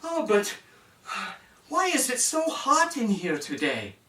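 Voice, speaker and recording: A cheery, foolish young suitor, put on by a male storyteller bursts in loud and high with brash good humor. His lines bounce along in a storybook tale, heard from across a roomy space. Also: wildly swooping pitch, slow pace, far from the mic, full character voice. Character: cheerful, foolish young man riding a goat.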